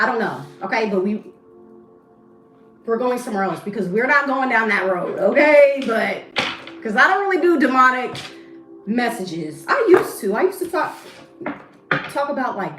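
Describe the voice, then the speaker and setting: A woman giving a casual tarot reading to camera, blunt, slangy and profane. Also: a little high. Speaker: tarot reader. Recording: echoey room with faint music.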